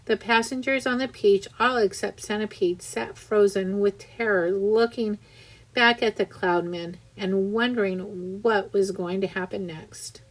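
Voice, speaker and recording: A woman reads a children's story aloud at an unhurried pace. Her narration is deliberate and her pitch middling, with the odd restart. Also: fairly even intonation, poor audio. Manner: slow, deliberate, with small restarts. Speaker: reader. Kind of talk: audiobook narration.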